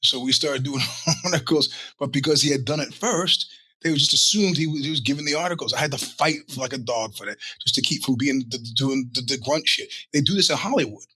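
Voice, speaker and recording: Middle-aged male host, husky, bright-edged, profane casual storyteller who plays every character himself. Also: mid-range voice, a little fast. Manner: animated, profane, acts out quoted voices. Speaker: podcast host.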